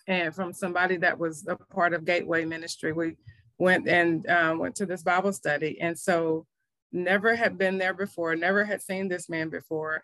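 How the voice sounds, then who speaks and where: A woman's voice: fairly low pitch, fairly bright tone, dry recording. A middle-aged woman pastor, telling her faith story in an earnest, emotional way. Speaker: pastor and minister. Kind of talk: testimony in a faith interview.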